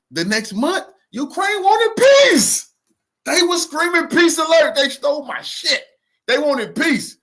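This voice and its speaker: Husky ranting male commentator, heated. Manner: heated, emphatic, swings between loud outbursts and low mutters. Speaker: commentator reacting to a clip.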